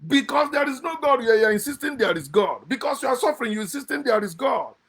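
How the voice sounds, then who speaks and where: A man giving a passionate, mocking monologue on scripture, swinging from loud outbursts to low muttered asides. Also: lively intonation, quick pace, vocal fry, husky. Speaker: online speaker critiquing scripture.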